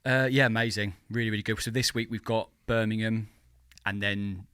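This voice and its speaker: A man's voice: on the low side, steady tone, normal speed, a bit bright, smooth, no room sound, clean studio sound. A man co-hosting a podcast, chatty and enthusiastic in casual talk. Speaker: podcast co-host, touring drummer. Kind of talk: casual chat.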